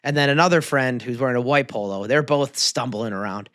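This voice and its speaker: A podcast co-host telling a story in casual chat, acting out the people in it with loud bursts. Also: medium pitch, brisk, no room sound, clean studio sound. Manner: animated storyteller, acting out quotes loudly.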